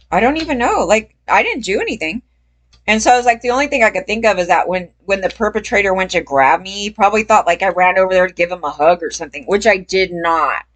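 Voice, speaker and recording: A young adult woman telling a personal story in a loose, rambling way, swearing often, laughing, and jumping up in pitch when she gets emphatic. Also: a bit bright. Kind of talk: casual storytelling.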